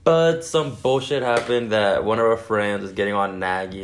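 A man's voice: lowish voice, lively intonation, a little fast, few pauses. A man casually telling a long story in a podcast chat, swearing constantly and rambling. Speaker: podcast co-host.

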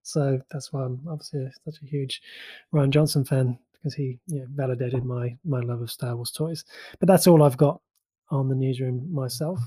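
Guy doing casual pop culture news on a podcast, warm tone, dry room, lots of uhs. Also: medium pitch, steady tone, moderate pace, husky, no echo. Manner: chatty, rambling with frequent filler. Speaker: podcast co-host.

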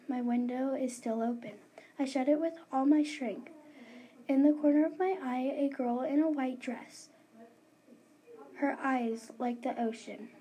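A woman reading her own short ghost story aloud in a soft, hushed storytelling voice. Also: high voice, breathy edge.

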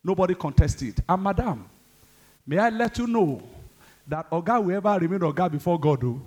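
Male pastor, exhorting sermon, high-pitched and very animated. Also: brisk. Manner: exhorting, calls the congregation to respond; swings between loud high bursts and low asides.

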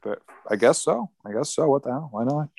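A man's voice: mid-range voice, lively intonation, fairly quick, vocal fry, darkish tone, no room sound. A male podcast co-host jokes his way through casual banter and hams up mock ad reads. His voice sits in a middle register, and the recording is dry and close. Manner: joking, mock ad-read delivery.

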